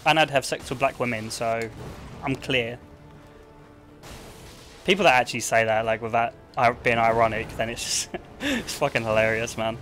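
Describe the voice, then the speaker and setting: A man's voice: mid-range voice, moderate pace, a bit bright, faint music behind. A young man chatting offhand to his stream while gaming, rambling and swearing, full of "like.". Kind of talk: casual livestream chat while gaming.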